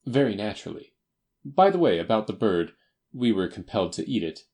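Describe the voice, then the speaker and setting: A man reads a self-assured, brisk male detective in a storybook reading. He speaks in a low voice that lifts upward with crisp precision. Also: very animated, darkish tone.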